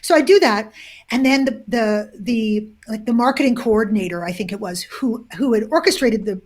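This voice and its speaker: Animated woman author telling a story. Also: fairly high pitch, normal speed. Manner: animated, with many restarts and fillers. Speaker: author, interview guest. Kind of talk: storytelling in an interview.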